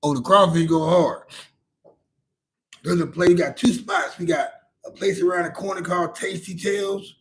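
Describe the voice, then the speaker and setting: Husky louisiana guy rambling on his stream, kinda high voice, cusses a lot, super laid back. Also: fairly even intonation, moderate pace, fairly bright tone. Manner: laid-back, rambling, profane, many restarts. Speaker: livestream host answering chat. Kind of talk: casual chat.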